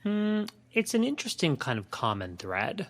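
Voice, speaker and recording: A man's voice: on the high side, huge pitch swings, moderate pace, fairly bright tone. A man speaking as a podcast guest, reflective and thoughtful in casual chat.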